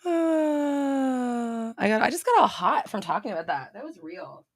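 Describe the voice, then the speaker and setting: A woman's voice: mid-range voice, big pitch swings, fast talker, breathy edge, no room sound, studio quality. A young adult woman hosting a casual live-stream chat, talking bluntly and swearing freely as she rants. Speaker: podcast host.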